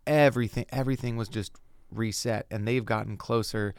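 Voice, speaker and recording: A man talking in a relaxed podcast conversation, thoughtful and earnest, often restarting his sentences. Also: mid-range voice, fairly quick, smooth, no echo. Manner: reflective, earnest, trailing restarts. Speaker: podcast guest. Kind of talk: casual podcast chat.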